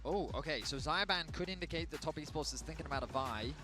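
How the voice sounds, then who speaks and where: A man giving measured, explanatory analysis during an esports broadcast. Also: on the high side, music in the background. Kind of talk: analytical commentary.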